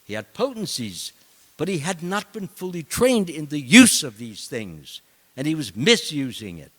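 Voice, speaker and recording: A man, a monk giving a scripture class, tells a story in an animated way and acts out the characters. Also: fairly high pitch, moderate pace, husky. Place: temple hall. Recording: long reverb of a temple hall.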